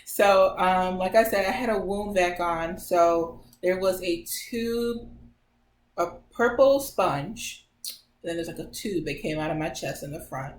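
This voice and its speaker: A woman in her twenties telling her own story as a vlogger in a chatty, animated way, acting out what others said. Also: on the low side, measured pace. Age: 20s. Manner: chatty, animated retelling that acts out others' lines. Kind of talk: casual personal storytelling. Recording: roomy echo, faint background noise.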